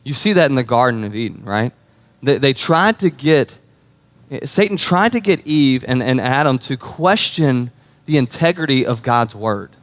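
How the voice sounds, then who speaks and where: A male pastor delivers a sermon with a lively, swinging pitch. He tells stories in a loose, conversational way and keeps checking in with his listeners. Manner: conversational storytelling, checks in with the audience.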